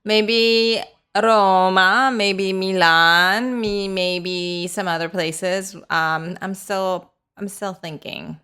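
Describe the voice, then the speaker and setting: Calm woman explaining words. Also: mid-range voice, drawn-out words, clean tone. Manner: calm, explains word meanings simply. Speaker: co-host, Japanese teacher. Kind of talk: language lesson chat.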